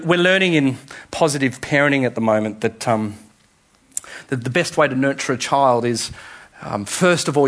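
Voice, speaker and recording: A pastor delivering a sermon in a conversational way that builds to emphatic, repeated appeals. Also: male voice, mid-range voice. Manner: conversational preaching, rising to emphatic repetition.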